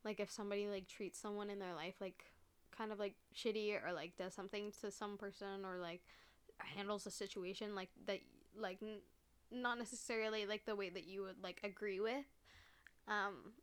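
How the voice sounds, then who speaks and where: A woman's voice: medium pitch, steady tone, moderate pace, clean tone. A young woman hosting a casual solo podcast, rambling with constant "like" fillers and swearing, sometimes choked up and near tears. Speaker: podcast host.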